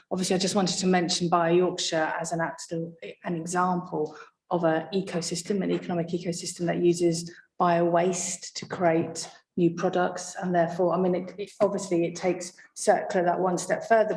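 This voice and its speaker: Brief: woman councillor, flat measured delivery, echoey room. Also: lowish voice. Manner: measured, tentative with ums. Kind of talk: formal meeting comment.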